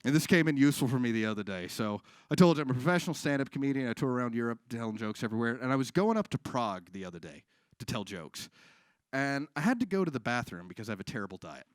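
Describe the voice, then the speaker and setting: Man, stand-up comedian, live stage, deadpan, animated pitch, dry sound. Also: fast, clear, resonant tone, no echo. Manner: deadpan delivery with crowd work and acted-out dialogue.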